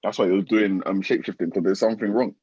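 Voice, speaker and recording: Husky co-host on a dull line. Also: male voice, on the low side, fairly even intonation, rapid-fire, darkish tone, no room sound. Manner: joking slangy storytelling. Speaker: podcast co-host. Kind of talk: casual chat.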